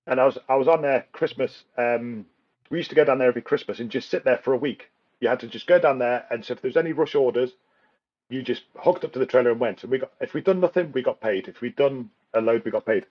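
A man hosting a casual podcast chat, telling animated stories, acting out other drivers and laughing often. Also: medium pitch, dull audio. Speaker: podcast host.

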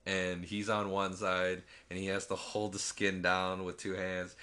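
A man co-hosting a podcast, casually recapping a movie in a rambling, profane way and acting out the characters with quick voices. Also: sits low, monotone, pushed and bright. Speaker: podcast co-host.

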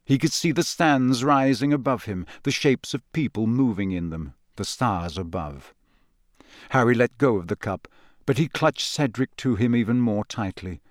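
Steady male storybook narrator. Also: mid-range voice, dry recording, clean studio sound. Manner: measured and steady. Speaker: audiobook narrator. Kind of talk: scripted narration.

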